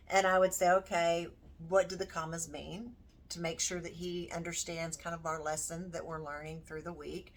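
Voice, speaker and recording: A woman with a slightly low voice walks through her homeschool curriculum at a slow, easy pace. She thinks aloud as she goes, filling pauses with ums and you-knows. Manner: unhurried, thinking aloud with many fillers. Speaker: homeschooling parent. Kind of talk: casual curriculum walkthrough.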